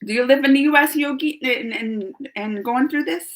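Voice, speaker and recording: A woman in her forties hosting a live stream, talking to her chat in an animated way and repeating herself as she calls chatters by name. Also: high voice, moderate pace, low-quality recording. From United States. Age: 40s.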